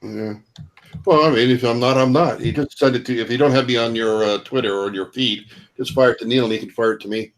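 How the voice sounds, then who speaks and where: A man's voice: mid-range voice, steady tone, fast talker, rough recording. Middle-aged man, Canadian accent, chatty joker on a group call. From England. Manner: chatty, joking, leans on "uh" fillers. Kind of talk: casual chat.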